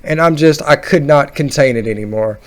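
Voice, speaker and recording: A man tells a story casually and with animation, circling back and restarting his sentences. His speaking voice sits a bit higher than most men's. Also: a little fast. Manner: rambling, animated, laughing at his own story. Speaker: vlogger.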